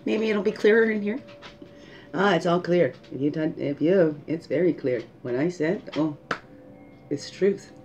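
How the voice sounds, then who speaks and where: A woman hosting a spiritual guidance talk, musing aloud and asking rhetorical questions, often tagging "right?" and a soft "hmm". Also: fairly low pitch, unhurried, lo-fi sound, faint music behind. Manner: musing, asks rhetorical questions, adds 'right?' and 'hmm'. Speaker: spiritual guidance show host.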